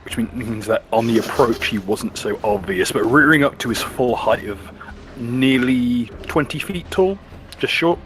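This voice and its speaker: A man acts as game master for a tabletop game, narrating in a dry, understated way. His voice is mid-range and fairly bright, at a moderate pace.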